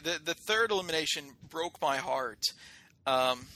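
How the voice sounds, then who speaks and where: Bright, gravelly man joking with friends. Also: a little high, lively intonation, normal speed. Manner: mock-boastful, theatrical, joking. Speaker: podcast co-host. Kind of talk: casual chat.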